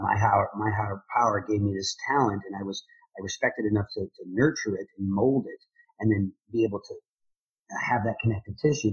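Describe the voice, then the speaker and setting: An energetic man with a husky voice talks eagerly as a guest on a podcast. His pitch sits in the middle range, and the recording sounds dull and lo-fi. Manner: energetic, enthusiastic talker. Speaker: guest, drummer and motivational speaker. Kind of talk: conversational interview answers.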